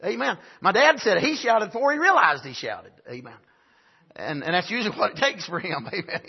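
A man preaching a sermon at a camp meeting, punctuating with frequent "amen" and building up to shouts. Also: sits high, big pitch swings, fairly quick, gravelly, breathy edge, dull audio.

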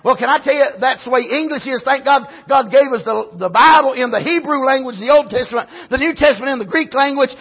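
Husky high-voiced preacher, shouting bursts. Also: male voice, fast, few pauses. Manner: emphatic, swings between shouting and low asides, punctuates with amen. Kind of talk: sermon. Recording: dull lo-fi recording.

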